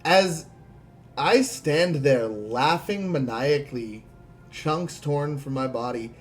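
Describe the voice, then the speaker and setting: A man's voice: fairly high pitch, slow, soft background music. Man narrating a tabletop game. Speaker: game master.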